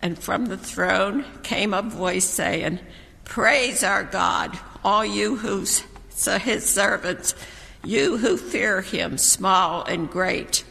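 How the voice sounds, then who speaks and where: A scripture reader giving a measured, proclaiming reading in a church. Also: medium pitch, creaky, pushed and bright. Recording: church hall reverb.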